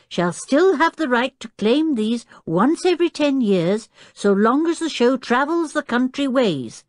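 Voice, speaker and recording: A woman voicing an older male professor who explains things in a measured, scholarly way in an audiobook. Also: medium pitch, no room sound, studio quality, pitched above the performer's own voice.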